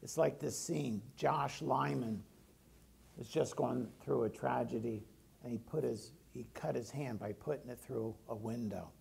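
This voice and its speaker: A man's voice: mid-range voice, measured pace, vocal fry, darkish tone, slightly rough. A male pastor giving a conversational sermon, often putting questions to the congregation.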